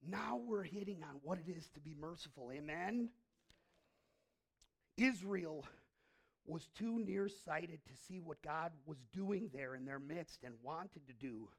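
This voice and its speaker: With a slightly high, creaky and somewhat rough voice, a pastor preaches a sermon in a church at an unhurried pace. He tells the story dramatically, alternating loud, emphatic bursts with hushed passages.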